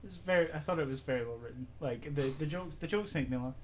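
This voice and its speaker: A man chatting on a casual podcast, hesitant, halting with fillers and quick to laugh. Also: fairly high pitch, slight background noise. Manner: hesitant, many fillers and restarts, laughs easily.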